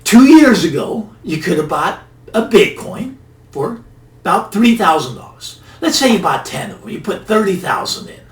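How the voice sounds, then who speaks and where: A man's voice: sits high, sing-song, moderate pace. A middle-aged man hosting a finance channel, talking casually and emphatically, repeating key phrases for effect. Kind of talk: casual monologue commentary. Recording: roomy, mic a bit distant, faint ambience.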